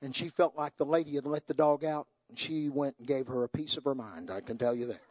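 An older man preaching a sermon, moving from hushed, tender storytelling to soaring, impassioned climaxes. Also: mid-range voice, fairly quick, no echo.

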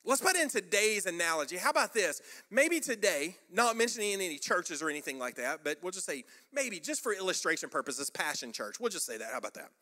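A man's voice: high voice, very animated, brisk, hardly any pauses, bright, forceful tone. A man preaching a sermon as pastor, emphatic and rhetorical, repeating phrases for effect.

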